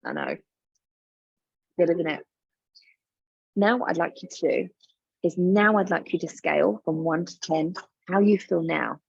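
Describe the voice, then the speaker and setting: A woman coach with a low, gravelly, husky voice guides the listener through a visualization exercise. She speaks in a soothing, encouraging way and repeats her instructions. The sound is dull and lo-fi. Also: sing-song, unhurried, pauses often, no room sound. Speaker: business coach.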